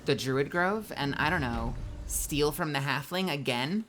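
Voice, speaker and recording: Lively, bright-voiced woman streamer. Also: deep voice, unhurried, a little hiss or hum. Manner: playful, chatty, talks to chat. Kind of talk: live gameplay commentary.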